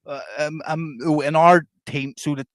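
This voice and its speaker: Joking man, slightly high voice. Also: little pitch movement, normal speed, fairly bright tone, dry recording. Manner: joking, sweary, laughs often. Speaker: podcast co-host. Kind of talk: casual chat.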